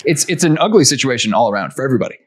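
Mid-pitched man in casual podcast chat. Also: big pitch swings, racing, husky. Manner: conversational with repeated words and restarts. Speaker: podcast co-host.

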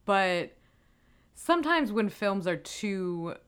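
A woman's voice: medium pitch, sing-song, takes it slowly, a bit bright, clear, resonant tone. A woman co-hosting a podcast, chatting casually and enthusiastically about old films, with lots of "like" fillers. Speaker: podcast co-host. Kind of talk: casual film discussion.

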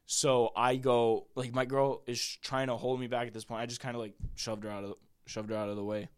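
A young man, a podcast guest, telling a rambling story in casual chat, full of "like" and "bro" and quick laughs. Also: mid-range voice, level tone, clear, resonant tone.

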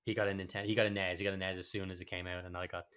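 Sweary, rambling podcast co-host. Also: male voice, low voice, little pitch movement, racing, fairly bright tone, clear, resonant tone. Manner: rambling, sweary, with many restarts. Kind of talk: casual chat.

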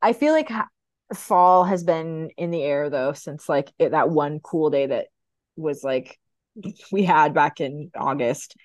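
A woman from the Midwest co-hosting a podcast in casual chat, playful and quick to laugh. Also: sits low, a little mellow, no echo, clean studio sound. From American Midwest. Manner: playful, laughing, riffs on wordplay.

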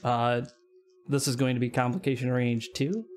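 A man's voice: mid-range voice, moderate pace, a little mellow. A man running a casual tabletop game as game master, narrating loosely with lots of fillers and jokes. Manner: loose, joking, many fillers.

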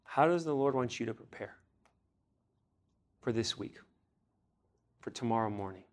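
A young man delivering a sermon in an earnest preaching voice, pitched in a middle register. He reads scripture aloud and puts pointed questions to his congregation, lifting his voice on the phrases he stresses. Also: lively intonation, measured pace. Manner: earnest preaching, rising with emphasis on key phrases. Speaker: pastor.

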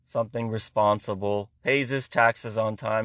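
A man's voice: medium pitch, expressive, normal speed, a bit bright, no echo. A man, delivering a rambling, profane, sarcastic comedy rant. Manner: heavy swearing, rambling, sarcastic.

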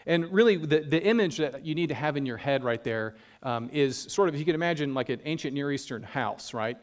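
A man's voice: fairly high pitch, lively intonation. Man preaching a conversational sermon. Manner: conversational preaching, reads scripture slowly, many fillers. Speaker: pastor.

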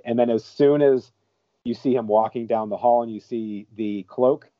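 A man in casual podcast chat, talking excitedly, often stammering and repeating his words. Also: medium pitch, normal speed, no room sound. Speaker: podcast co-host or guest. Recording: dull lo-fi dry recording.

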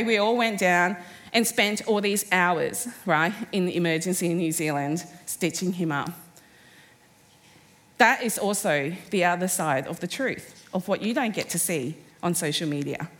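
A woman in her forties giving a personal storytelling talk to a live audience, lively, acting out the voices of people in her stories. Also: lowish voice. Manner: animated, acts out quoted voices. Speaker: speaker at a live event. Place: stage before a live audience.

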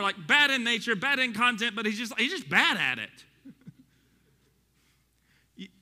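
A male pastor preaching a sermon, animated and joking with his congregation. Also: sits high. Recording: reverberant hall.

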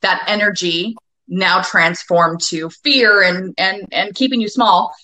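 A woman's voice: mid-range voice, unhurried, sharp tone, no room sound, low-quality recording. A woman in her forties, a guest coach on a podcast interview, talking in a passionate, emphatic way with plenty of swearing. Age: 40s. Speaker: guest, anger-work coach.

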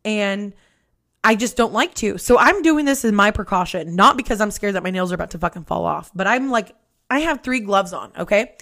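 A young adult woman hosting a podcast, telling a personal story in a candid, profane, animated way. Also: mid-range voice, brisk, creaky. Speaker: podcast host.

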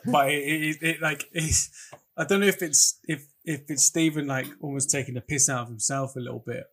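A man's voice: a little high, fairly even intonation, a little fast, fairly bright tone, slightly rough. A man with an English accent co-hosting a casual film podcast, rambling and restarting his sentences. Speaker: podcast co-host.

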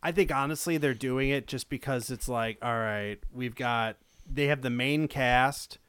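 A man's voice: medium pitch, unhurried, fairly bright tone, clean tone, no room sound. A man co-hosting a podcast, talking casually with restarts, fillers and the odd swear. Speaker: podcast co-host. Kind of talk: casual chat.

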